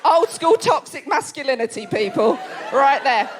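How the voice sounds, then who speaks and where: High-pitched woman doing stand-up. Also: moderate pace, some chatter behind. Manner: animated storytelling with loud acted-out voices. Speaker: stand-up comedian. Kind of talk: live stand-up set. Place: comedy club stage before a live audience.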